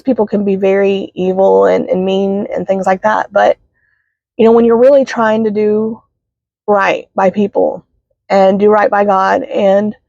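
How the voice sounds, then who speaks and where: A woman's voice: medium pitch, vocal fry, a little mellow, no echo. Teary woman vlogging from her car. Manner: halting, many fillers and apologies. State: teary, sniffling. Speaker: spiritual healing vlogger. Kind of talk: casual heartfelt vlog. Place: parked car. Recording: dull, dry sound inside a car.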